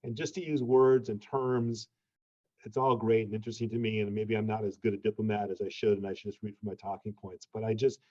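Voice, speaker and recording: A man's voice: lowish voice, level tone, brisk, darkish tone, lo-fi sound. A man speaking as an ambassador guest in a webinar, blunt and informal, restarting sentences and tagging them with "okay?". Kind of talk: candid webinar conversation.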